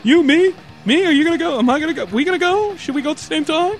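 A man's voice: extremely high pitch, lively intonation, fast, voice pushed up. A man mimicking an indecisive, flustered male driver who keeps asking who should go. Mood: dithering. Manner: flustered, repetitive questioning.

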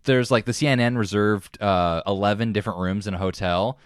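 Low, smooth-voiced relaxed man. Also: brisk. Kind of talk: casual chat.

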